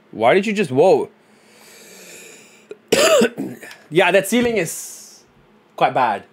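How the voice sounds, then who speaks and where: A man's voice: sits high, wildly swooping pitch, drawn-out words, breathy edge. A young man from Singapore chatting casually on a livestream, joking and rambling. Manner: joking, rambling, lots of fillers and "bro". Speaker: streamer.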